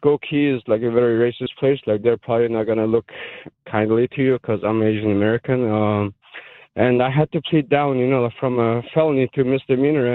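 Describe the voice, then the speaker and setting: A man's voice: mid-range voice, steady tone, no echo. Guy calling in on the phone, tinny line, stumbles and fills with "like" a lot. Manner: halting, many fillers. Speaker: caller. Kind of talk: call-in radio chat.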